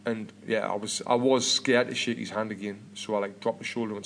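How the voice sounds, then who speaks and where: A man's voice: on the low side, flat delivery, quick pace, gravelly, a bit bright, a little hiss or hum. A British man in his thirties hosting a podcast, chatting casually and rambling with lots of restarts and repeated words. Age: 30s. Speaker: podcast host.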